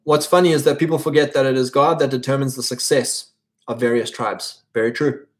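A man's voice: mid-range voice, steady tone, brisk. A man hosting his own video, delivering a blunt, provocative, preachy monologue. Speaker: video host. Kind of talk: monologue to camera.

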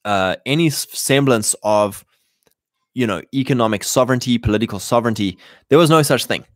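A man's voice: mid-range voice, a little fast, no echo, clean studio sound. Rambling male livestream host. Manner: rambling, many fillers and restarts. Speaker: show host. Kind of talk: casual livestream monologue.

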